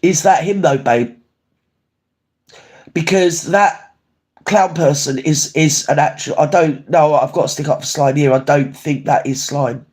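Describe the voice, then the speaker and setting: Bloke rambling on his livestream, sweary, voice jumps up and down a lot, bit high. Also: unhurried, a little mellow. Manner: rambling, swears, swings pitch up and down often. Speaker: livestream host. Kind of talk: casual livestream chat reading comments.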